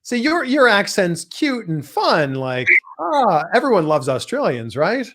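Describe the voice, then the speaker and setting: A man's voice: high-pitched, wildly swooping pitch, a little slow, a bit bright. A man from Canada hosting a casual interview, enthusiastic, often repeating words as he finds his phrasing. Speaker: interviewer host.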